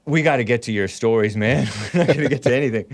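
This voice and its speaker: A man hosting a call-in show, sarcastic and quick to laugh as he steers the talk. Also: medium pitch. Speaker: host.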